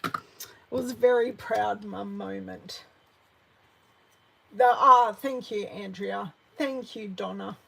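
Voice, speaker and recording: A woman in her forties with an Australian accent, chatting through a live card-making class, answering viewers by name and muttering softly to herself as she works. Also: mid-range voice, slow, gravelly, long pauses, slightly rough, low-quality recording. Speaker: craft demonstrator.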